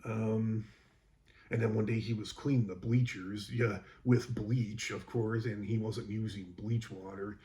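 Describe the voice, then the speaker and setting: A man's voice: on the low side, steady tone, measured pace, warm tone, a little hiss or hum. A man who works as a school custodian, casually telling an exasperated, rambling story about a coworker, with lots of fillers.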